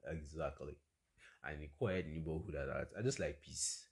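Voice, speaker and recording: A young man with a Nigerian accent hosting a casual solo storytelling podcast, chatty and exclamatory with quick asides. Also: rumbling low. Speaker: podcast host.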